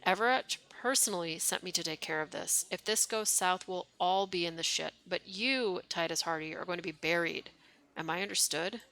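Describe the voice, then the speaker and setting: Woman voicing a commanding young woman, firm, bright tone, gravelly edge. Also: on the low side, moderate pace, low-quality recording.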